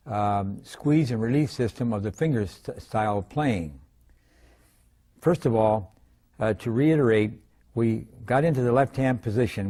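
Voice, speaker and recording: An older man giving a drum lesson, explaining stick grips in a calm, methodical way with frequent pauses. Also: lowish voice. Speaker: drum instructor. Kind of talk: demonstrating drum technique.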